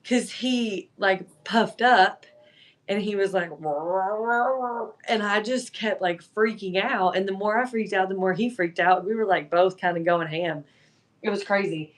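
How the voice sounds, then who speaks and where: A woman's voice: mid-range voice, moderate pace. A woman hosting a live online sale, chatting casually and telling stories full of fillers like "like" and "um.". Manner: chatty, animated storytelling with filler words. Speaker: live-selling host. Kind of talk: casual livestream chat.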